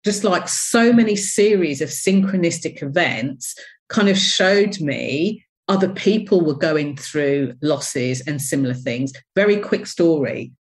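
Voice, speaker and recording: A woman's voice: low voice, animated, measured pace. A woman who works as a business coach, speaking as an interview guest and telling personal stories candidly and expressively. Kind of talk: reflective personal storytelling.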